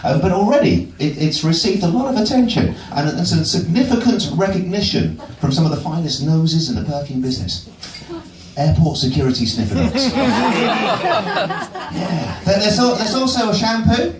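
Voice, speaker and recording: In a pub comedy venue with a loud crowd, a high-voiced male comedian runs an expressive, normal-paced topical set. He's dry and self-deprecating, often laughing at himself, and the recording comes through a roomy, distant, noisy mic.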